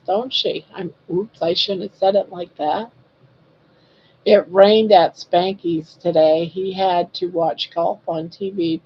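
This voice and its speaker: A woman's voice: lowish voice, breathy edge, lo-fi sound. A woman in her sixties hosting a casual live stream, chatting and reading viewer comments aloud in a teasing, friendly way. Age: 60s. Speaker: live-stream crochet host.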